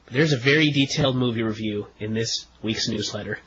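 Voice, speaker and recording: A man's voice: medium pitch, a little fast, a bit bright. A man co-hosting a talk radio show with a stuffed-up nose, speaking in a dry, sarcastic way. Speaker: radio co-host. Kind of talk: casual talk radio chat. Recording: dull lo-fi archive radio with faint hiss.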